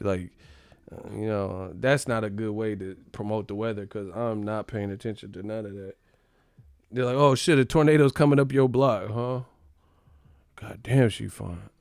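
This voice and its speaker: Gravelly man, profane rambling stream chat. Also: fairly low pitch, a little mellow, no echo, clean studio sound. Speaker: livestream host. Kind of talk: casual livestream chat.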